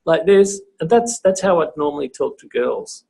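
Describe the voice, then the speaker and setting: A teacher chatting on a podcast, animatedly acting out classroom dialogue in shifting voices. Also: male voice, moderate pace, vocal fry. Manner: animated, acts out dialogue in high and low voices. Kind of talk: casual chat.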